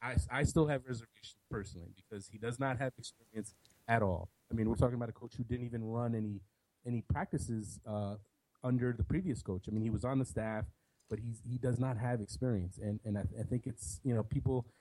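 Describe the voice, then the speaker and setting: A man's voice: medium pitch, fast, darkish tone, poor audio. A man co-hosting a soccer podcast in casual chat, giving opinionated takes with many restarts. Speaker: podcast co-host.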